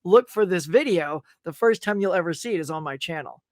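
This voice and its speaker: A man's voice: high voice, expressive, fairly quick, no room sound, studio quality. A man hosting a casual interview, talking enthusiastically, laughing often and rambling through his stories. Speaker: podcast host.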